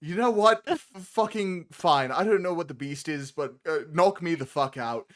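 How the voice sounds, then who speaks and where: A man voicing a blunt, crass young woman adventurer who sounds exasperated and swears, pitched above his own voice. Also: moderate pace, lightly acted.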